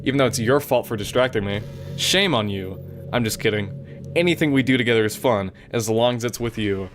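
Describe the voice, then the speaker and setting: A man reading aloud the lines of a sweet, possessive young female club president, gentle and self-conscious, later pleading. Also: mid-range voice, brisk, music in the background, close to an everyday voice. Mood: affectionate. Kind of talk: reading game dialogue aloud.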